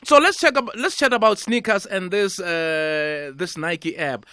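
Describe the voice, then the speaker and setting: Radio host guy, chatty and upbeat, bright high voice, dry studio sound. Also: measured pace, no echo. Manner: chatty, upbeat, laughs easily. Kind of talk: radio show interview.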